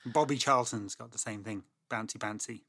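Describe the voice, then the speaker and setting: A man's voice: on the low side, moderate pace, vocal fry, a bit bright, husky, dry recording, clean studio sound. A man co-hosting a podcast in casual chat, wry and a little hesitant in his remarks. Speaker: podcast co-host.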